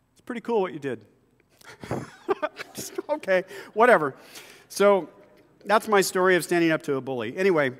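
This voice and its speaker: A male pastor preaching a sermon, telling stories in a relaxed, conversational way with frequent asides. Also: medium pitch, long reverb tail. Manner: conversational storytelling with asides and laughs.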